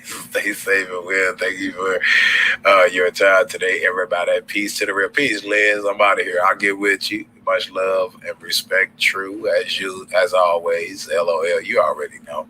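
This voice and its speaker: A man's voice: sits low, little pitch movement, normal speed, pushed and bright, slight background noise, poor audio. A man with a Southern accent hosting a casual livestream, rambling loosely in slang with lots of fillers and restarts. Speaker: livestream host.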